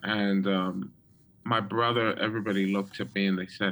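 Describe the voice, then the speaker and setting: A man with a somewhat low voice tells his own testimony as a guest in an interview. He talks in a storytelling way, with plenty of ums and restarted phrases. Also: level tone, normal speed, a bit bright, rough recording. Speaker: guest prophet.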